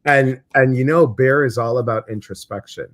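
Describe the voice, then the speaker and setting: A man's voice: medium pitch, moderate pace. A man with a Midwestern American accent co-hosting a spiritual livestream in casual, playful chat, often repeating his words over a video call.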